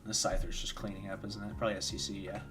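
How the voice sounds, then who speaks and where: A man's voice: on the low side, little pitch movement, fast, over music. Tired young guy chatting on stream. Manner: rambling, many fillers, reads and answers chat. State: tired, yawning. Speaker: streamer hosting a watchalong. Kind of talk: casual livestream chat and commentary.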